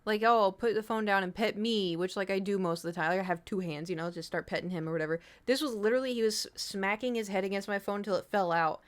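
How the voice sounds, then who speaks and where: A woman's voice: medium pitch, fast, few pauses. A woman streamer chatting casually with viewers, telling a rambling story with swearing and the odd whispered aside. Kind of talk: casual chat.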